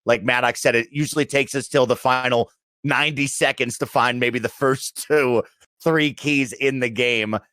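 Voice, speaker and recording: A man hosting a casual gaming chat, upbeat and rambling in long stretches. His voice sits at an ordinary middle pitch, close on the mic with a dry, dead sound. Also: fairly even intonation, normal speed, bright, forceful tone, dry recording. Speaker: podcast host.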